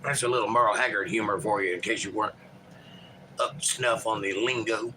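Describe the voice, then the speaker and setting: A man's voice: fairly low pitch, fairly even intonation, a little fast, pushed and bright, a little hiss or hum, rough recording. A man hosting a livestream, reading viewer chat aloud and chatting in a rambling, folksy, joking way.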